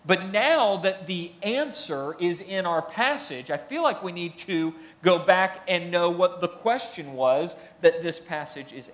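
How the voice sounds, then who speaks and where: A man's voice: on the high side, a bit bright. A man preaching a sermon in a conversational way, building emphasis on his key points and reading passages aloud. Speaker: pastor.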